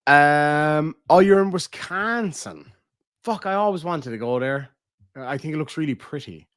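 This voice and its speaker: Cork irish fella on a livestream, swears a lot, kinda high voice, dry sound. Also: male voice, animated, measured pace, a bit bright, no echo. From Ireland. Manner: chatty and swears freely while reading chat aloud. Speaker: livestream host. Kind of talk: casual livestream chat.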